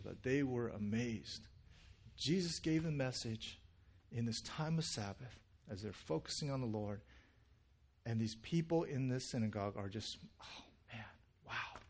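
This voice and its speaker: Casual male pastor, mid-pitched and conversational, lots of "like" and restarts in his delivery. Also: slightly rough. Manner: conversational, animated, with many fillers and restarts. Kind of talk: sermon.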